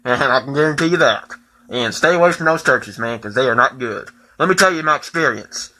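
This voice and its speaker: A man in his twenties in a profane, heated personal rant that keeps rising into shouting. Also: medium pitch, expressive, fairly quick, low-quality recording. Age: 20s.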